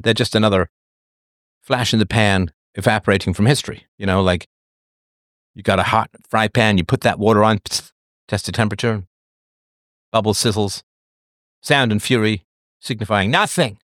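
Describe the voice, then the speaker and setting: A man's voice: lowish voice, lively intonation, a little fast, a bit bright, dry recording. Emphatic lecturing man, dry close sound. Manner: emphatic, lecturing, mock-quoting others in a raised voice. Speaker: show host answering listeners. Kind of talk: emphatic monologue to a listener.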